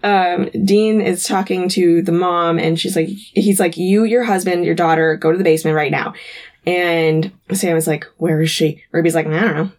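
A woman in casual conversation, recapping a show with energy. She jumps in and out of the characters' lines as she goes, keeping the story moving. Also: on the low side. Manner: animated retelling, acting out lines in quick voices. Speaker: podcast co-host recapping an episode. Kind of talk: casual chat.

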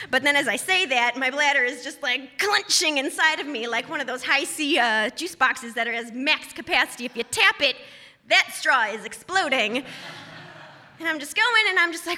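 Bright, high-voiced woman telling a comic story. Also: normal speed. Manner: animated, comic, self-mocking. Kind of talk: live personal storytelling. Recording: reverberant hall.

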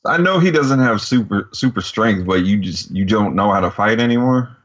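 Deep-voiced man on a dull lo-fi mic. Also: animated, moderate pace. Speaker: podcast co-host. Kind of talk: casual movie chat.

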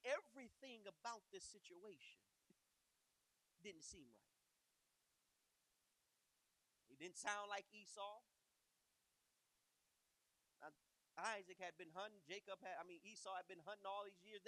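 A man teaching a Sunday school Bible lesson, animated and acting out the story in character voices. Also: sits high, a little slow, long pauses, low-quality recording.

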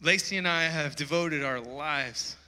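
A man's voice: fairly high pitch, a little slow, bright, forceful tone, long reverb tail, rough recording. A man preaching a sermon in a church, telling a story and calling his listeners with emphatic, rising appeals to wake up. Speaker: pastor. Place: church hall.

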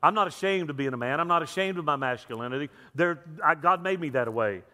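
Guy preaching, voice a bit high, keeps repeating himself, long church echo. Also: quick pace, bright, forceful tone. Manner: chatty, repeats words, asks the crowd questions. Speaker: pastor. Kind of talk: sermon with jokes and a story. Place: church sanctuary. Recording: long reverb of a large hall.

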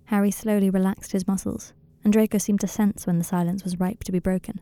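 Gravelly-voiced woman reading a story. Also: mid-range voice, a little fast, hardly any pauses, dry recording. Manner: calm, steady narration. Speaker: narrator. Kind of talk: audiobook reading of a fan story.

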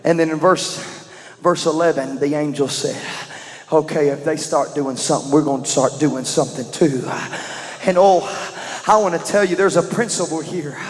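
A man preaching a sermon in a church, moving from shouted calls to praise into relaxed, conversational explanation of scripture. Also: on the high side, normal speed, big-room sound. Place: church sanctuary.

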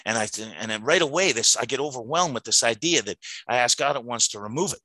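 A middle-aged man tells his sobriety story at a recovery meeting, earnest and halting, with many restarts. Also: medium pitch, lively intonation, bright, forceful tone, no room sound, poor audio. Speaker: AA speaker sharing his story.

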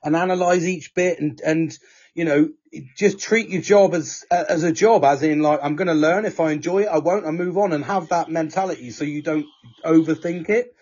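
A man's voice: fairly high pitch, moderate pace, a little mellow, breathy edge. A man hosting a podcast, talking casually and giving reassuring advice, calling people mate. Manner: reassuring, calls everyone mate. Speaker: podcast host. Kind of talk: casual chat. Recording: dull lo-fi audio.

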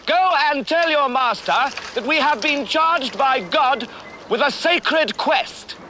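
A man's voice: very high voice, lively intonation, slow pace, pushed and bright, slight background noise, heavily acted. An actor playing a stately, commanding king in a comedy film. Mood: formal. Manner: formal, commanding. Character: stately English king leading knights, adult man.

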